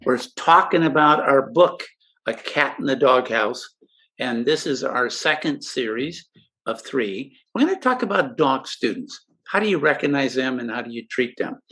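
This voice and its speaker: A man's voice: medium pitch, lively intonation, normal speed, sharp tone. An older man giving a friendly instructional talk to teachers, who now and then acts out students' replies. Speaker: educational presenter.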